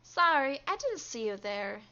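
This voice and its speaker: A woman voicing a tired, remorseful young female coworker in a flat monotone, in a game playthrough. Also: high-pitched, unhurried, dull audio, heavily acted. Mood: weary.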